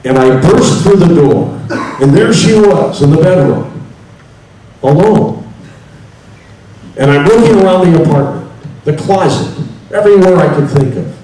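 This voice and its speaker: A man voicing a jealous husband in a joke, telling his story in a low, deadpan way. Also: unhurried, pauses often. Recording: echoey hall from far off, faint hiss.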